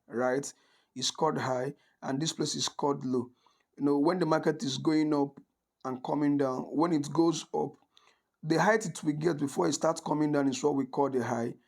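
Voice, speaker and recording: This forex trading instructor's voice sits on the high side with vocal fry. Walking viewers through a screen-recorded trading tutorial, he keeps things casual, checks in with a frequent "right?", and often restarts and corrects his sentences.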